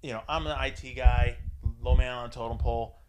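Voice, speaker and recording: A man's voice: mid-range voice, brisk, noisy background. A man telling a crude, profane story in casual chat, acting out the voices of the people in it. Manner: profane, animated, acts out voices in his anecdotes. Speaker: podcast co-host telling a story.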